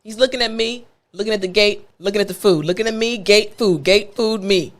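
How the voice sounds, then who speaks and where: A woman's voice: mid-range voice, fairly quick. A woman with an American accent, an English teacher telling a story in a playful, conversational way. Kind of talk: storytelling lesson.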